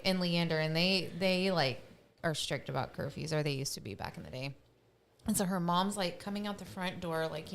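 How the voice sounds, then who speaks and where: A woman's voice: on the low side, fairly bright tone, a little hiss or hum. A woman co-hosting a podcast, telling a rambling story full of fillers in casual chat. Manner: rambling, filler-heavy, laughs often. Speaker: podcast co-host.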